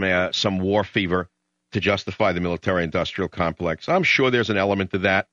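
A man with a New York accent hosting a talk radio show, emotional and combative when he gets excited. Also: sits low, no room sound. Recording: slightly dull lo-fi radio sound.

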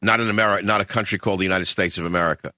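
A man with a New York accent hosting a talk radio show, emotional and combative when he gets excited. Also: low-pitched, very fast, no echo. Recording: slightly dull lo-fi radio sound.

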